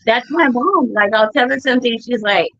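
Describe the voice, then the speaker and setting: Woman, mid-pitch, candid storyteller in casual chat, slightly dull dry sound. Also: moderate pace, fairly bright tone, dry recording. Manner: candid, laughs while telling family stories. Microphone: streaming mic.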